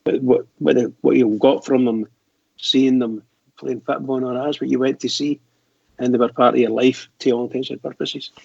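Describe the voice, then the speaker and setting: A man's voice: medium pitch, fairly even intonation, moderate pace, creaky, a little mellow, slightly rough, no room sound. A man co-hosting a fan radio show, hesitant, stumbling and repeating his words. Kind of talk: casual fan radio chat. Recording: dry, dull lo-fi line.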